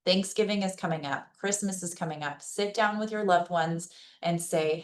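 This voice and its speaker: A woman's voice: lowish voice, normal speed. A woman giving an informal educational presentation in a conversational way. She gives practical advice in plain, reassuring words and keeps checking in with her listeners. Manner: conversational, checks in with listeners by asking "okay?" and "right?". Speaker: presenter at a senior-services webinar.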